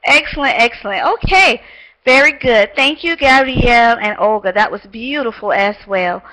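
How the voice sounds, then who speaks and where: Upbeat woman teacher with bright high voice. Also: normal speed, low-quality recording. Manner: encouraging, lots of praise. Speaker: English teacher. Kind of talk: online class teaching.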